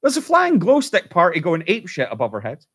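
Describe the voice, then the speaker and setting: Brief: man doing a high falsetto 1960s housewife, panicky, overplayed. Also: wildly swooping pitch, brisk, a bit bright, exaggerated voice. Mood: alarmed. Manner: mock-dramatic, exaggerated. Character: panicky 1960s wife, shrill and fussing. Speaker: podcast co-host.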